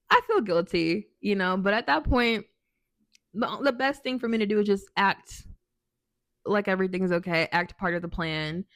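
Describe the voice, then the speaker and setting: A woman's voice: mid-range voice, unhurried, long pauses, a bit bright, dry recording, studio quality. A woman vlogger telling a work story in a chatty, sassy way, with many ums and restarts. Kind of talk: casual storytime.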